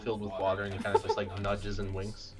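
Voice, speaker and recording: A man narrating as game master of an online tabletop game, in a slow, easygoing way. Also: on the low side, monotone, over a noisy crowd. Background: music.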